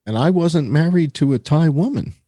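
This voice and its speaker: A man's voice: fairly high pitch, expressive, moderate pace, warm tone, dry recording, studio quality. A middle-aged American man hosting a casual talk show, sarcastic and mocking as he comments. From United States. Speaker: show host.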